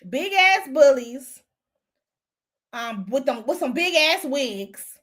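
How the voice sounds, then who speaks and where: A woman's voice: high voice, lively intonation, takes it slowly, fairly bright tone. A woman hosting a casual live stream, gossiping bluntly and profanely while she greets and answers viewers. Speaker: host.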